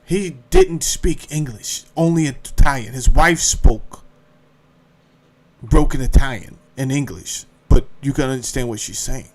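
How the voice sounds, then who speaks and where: A man's voice: mid-range voice, unhurried. A man hosting a podcast, telling a comedic story with lots of profanity and acted-out quotes. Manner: profane, animated, acts out quotes. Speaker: podcast host.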